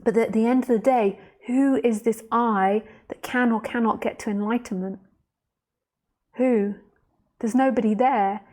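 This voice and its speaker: A woman giving a live-streamed spiritual talk. She speaks slowly, softly and reflectively, addresses the listener directly and reads out viewer comments as she goes. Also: on the high side, steady tone. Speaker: spiritual teacher.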